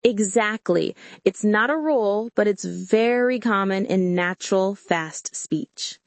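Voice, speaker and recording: A woman with a modern British accent leads a pronunciation lesson. She speaks slowly and with lively rises and falls. She shapes each sound with care in a dry, close recording. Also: mid-range voice, no echo. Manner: slow, careful modelling of sounds. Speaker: pronunciation teacher. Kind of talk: scripted language lesson.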